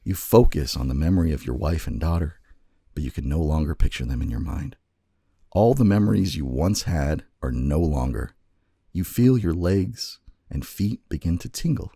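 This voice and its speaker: Brief: deep husky male podcast host, lively storyteller delivery, dry close sound. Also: no room sound. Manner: low gravelly voice, slow dramatic storytelling. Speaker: podcast co-host telling a choose-your-own-adventure story. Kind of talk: casual chat and dramatic story narration.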